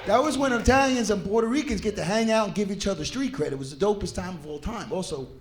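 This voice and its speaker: A man doing profane, animated stand-up crowd work on a club stage. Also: sits high, quick pace. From New York. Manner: brash, profane, animated banter with audience. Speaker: stand-up comedian.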